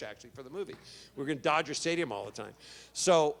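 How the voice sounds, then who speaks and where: A man's voice: fast talker, creaky. Chatty man telling a stage anecdote. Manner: lively storyteller, acts out dialogue with rising pitch; casual, chatty, mild swearing. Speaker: guest actor at a fan convention panel. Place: convention stage.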